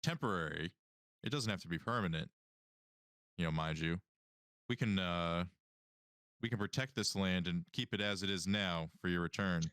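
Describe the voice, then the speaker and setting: Male tabletop player, very deep, smooth, halting. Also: fairly bright tone, dry recording, studio quality. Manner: halting, with many restarts. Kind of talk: role-playing a character at a tabletop game.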